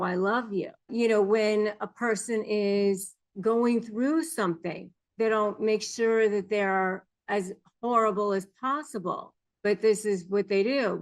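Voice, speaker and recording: A middle-aged woman speaks in an earnest, explanatory way, coaching her listeners on how to deal with difficult people. She talks at an unhurried, deliberate pace with a medium pitch and now and then slips into quoting others' words. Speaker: narcissism negotiation coach. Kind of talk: advice talk to camera.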